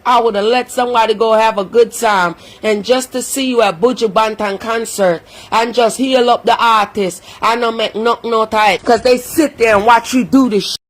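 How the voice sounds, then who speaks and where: A woman's voice: a little high, steady tone, moderate pace, hardly any pauses. An angry woman ranting on a livestream, cursing and scolding, sometimes breaking into prayer. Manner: heated, cursing, scolding, prays aloud. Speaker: social media commentator.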